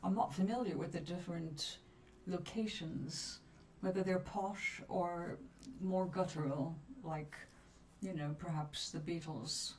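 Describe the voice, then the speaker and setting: A woman hosting a live stream for viewers, chatting in a soothing, unhurried way with long pauses. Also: on the low side, a little hiss or hum. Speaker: livestream host reading cards for viewers. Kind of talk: relaxed live chat with viewers. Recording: somewhat distant mic with faint background ambience.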